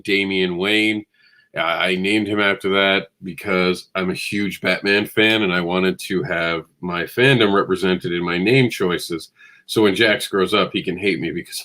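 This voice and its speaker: A man's voice: deep voice, sharp tone. A man hosting a comics news show, rambling and enthusiastic with a self-deprecating streak. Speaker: host.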